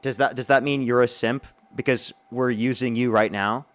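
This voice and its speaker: A young man hosting a live stream debate, quickly thanking donors by name between pointed questions. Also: mid-range voice, fairly even intonation, a bit bright, no echo.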